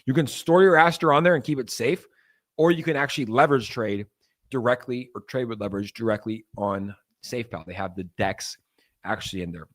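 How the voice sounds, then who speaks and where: A man's voice: mid-range voice, brisk. Young man, crypto stream host, casual rambling chat, filler-heavy, reads chat aloud.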